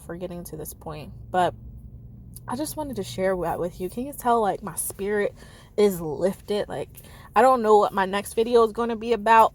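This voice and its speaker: A woman in her thirties vlogs casually to camera in a mid-range, darkish voice. She's chatty and candid, sprinkling in plenty of "like" and "you know."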